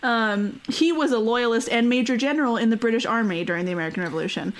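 A woman's voice: on the high side, quick pace, over a noisy crowd. A woman hosting a casual history podcast. She is chatty, uses many fillers and laughs often. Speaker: podcast host.

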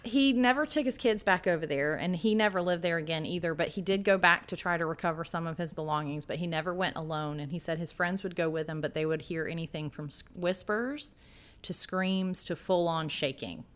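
A woman co-host with a fairly low voice tells a story in a relaxed podcast chat. She leans into it dramatically and acts out what people said. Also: a little fast. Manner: dramatic storyteller acting out quotes.

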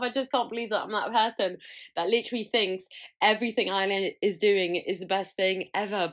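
A young adult woman hosts her own podcast, chatting candidly to her listeners. She swears freely and often teases herself, in a middle-pitched voice. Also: normal speed. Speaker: podcast host. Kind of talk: candid solo podcast talk.

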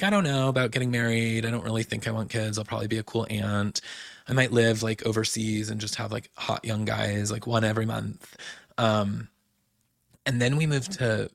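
A young man recapping in a loose, opinionated ramble, slipping into other people's lines as he goes. His voice sits a bit low with a gravelly fry. The sound is dry and close, with no room around it. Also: dry recording. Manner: chatty, opinionated, heavy on "like" and quoted dialogue. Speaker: podcast host recapping a reality show. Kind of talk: casual recap monologue.

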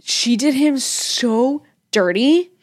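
A woman's voice: high voice, expressive, slow. A young woman co-hosting a podcast in casual chat, emotional and swearing freely, full of "dude" and "like". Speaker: podcast co-host.

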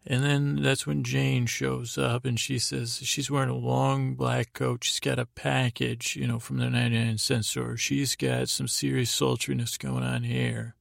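Guy with a gravelly voice mumbling through a show recap, wanders off mid thought, close dry mic. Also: medium pitch, measured pace, few pauses, no room sound. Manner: meandering, trailing off, paraphrasing scenes in a flat tone. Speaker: podcast host. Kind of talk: rambling sleep podcast recap.

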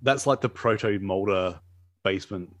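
A man's voice: lowish voice, moderate pace, fairly bright tone, no echo, studio quality. A man co-hosting a casual movie commentary chat, rambling with lots of fillers, restarts and laughter. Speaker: podcast co-host.

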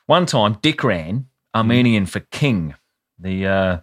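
Very low-voiced Australian man, dry banter. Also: lively intonation, takes it slowly, fairly bright tone. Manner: swearing, dry storytelling with wry asides. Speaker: podcast co-host. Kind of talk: casual chat.

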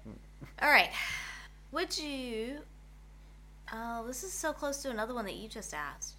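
A woman's voice: a little high, very animated, measured pace, pushed and bright. A woman co-hosting a casual chat, reading questions aloud, easygoing and giggly. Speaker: podcast co-host.

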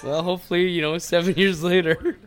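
A man's voice: high voice, fairly even intonation, a little fast, very noisy. A man joking and chiming in during a casual podcast chat. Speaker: podcast guest.

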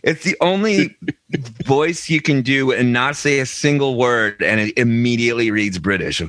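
A man co-hosts a comedy podcast, trading jokey banter and often slipping into silly voices. His mid-range voice is a bit bright, at a moderate pace.

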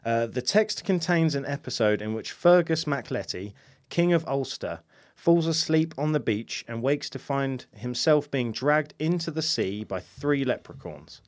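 A man's voice: mid-range voice, expressive, unhurried. A man hosting a casual podcast, reading out folklore notes and chuckling through jokey asides. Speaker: podcast host.

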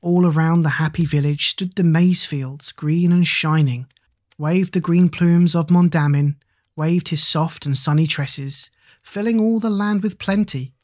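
An audiobook narrator reading epic verse in an even, rhythmic chanting cadence. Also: medium pitch, measured pace, dry recording, studio quality.

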